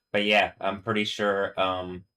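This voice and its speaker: A man's voice: low voice, fairly bright tone, clean tone, poor audio. A man rambling through a live stream monologue, swearing freely and laughing to himself.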